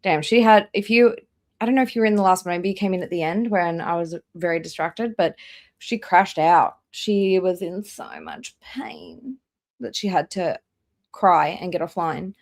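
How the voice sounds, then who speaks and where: A woman hosting a live reaction stream, chatting casually and reading out viewer names one by one with drawn-out welcomes. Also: fairly low pitch. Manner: drawn-out welcomes, trailing off quieter.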